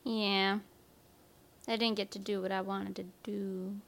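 A woman's voice: mid-range voice, little pitch movement, measured pace, gravelly, fairly bright tone. A woman playing in a tabletop game, stating her character's actions in short, matter-of-fact lines. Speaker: player. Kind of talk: casual tabletop play.

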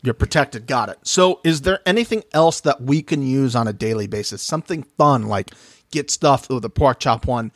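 A man co-hosting a podcast, joking playfully and chiming in with quick acknowledgments. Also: mid-range voice, dry recording, clean studio sound. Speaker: podcast co-host. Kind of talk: casual podcast chat.

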